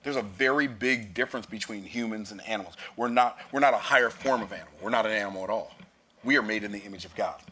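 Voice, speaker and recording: A man's voice: fairly low pitch, quick pace, sharp tone, breathy edge. A man preaching a sermon, reading scripture aloud and explaining it with emphatic, rising declarations.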